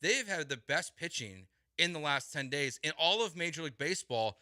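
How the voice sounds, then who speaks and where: A male sports radio host with a very bright, forceful voice that sits a little high for a man. He argues in an emphatic, exasperated way, hammering points home by repeating words. The sound is dry and close. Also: expressive, normal speed, no room sound. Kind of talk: heated sports talk.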